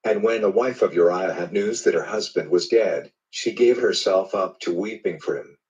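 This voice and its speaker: A man reading a Bible passage aloud in a steady, measured storytelling manner. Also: sits low, far from the mic, highs cut off. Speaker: Bible reader. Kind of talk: scripted scripture reading.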